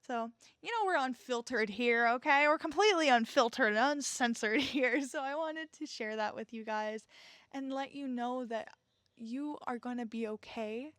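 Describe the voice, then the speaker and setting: Young woman podcast host, kinda high voice, earnest and reassuring, chatty, dry close sound. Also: moderate pace, a bit bright, no room sound. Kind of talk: solo podcast talk.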